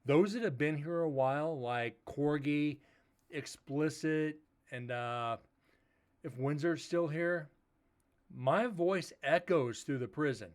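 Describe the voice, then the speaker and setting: A man hosting a paranormal livestream, chatting casually and rambling a little, with a loud voice that he says carries far. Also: fairly high pitch, measured pace. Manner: rambling, laid-back talk with fillers. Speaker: paranormal investigator host.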